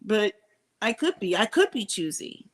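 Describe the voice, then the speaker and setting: A woman's voice: mid-range voice, very animated, a little slow. A middle-aged woman giving candid, opinionated commentary in a casual vlog, thinking aloud with frequent restarts and asides. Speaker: commentary vlogger.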